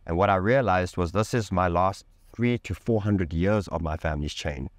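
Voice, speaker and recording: A man's voice: low-pitched, normal speed, no room sound, studio quality. A man speaking as a podcast guest, telling a candid personal story with intense emphasis, casual slang and swearing.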